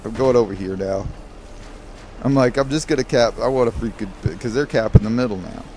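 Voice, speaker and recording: A man's voice: medium pitch, brisk, mellow, a little hiss or hum. A man giving rambling gameplay commentary, grumbling and drifting off topic while talking to his viewers. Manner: digressive, grumbling, talks to viewers. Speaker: gaming video creator.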